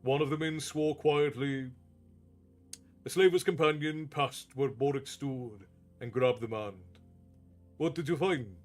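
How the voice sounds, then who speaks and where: A man telling a fantasy story as a steady, measured storyteller. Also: mid-range voice. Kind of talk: reading a fantasy novel aloud. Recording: faint background music.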